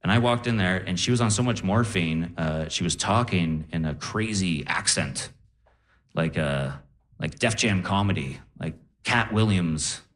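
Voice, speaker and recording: A man's voice: deep voice, unhurried. A male stand-up comedian telling a story in a chatty, conversational way with asides to the crowd.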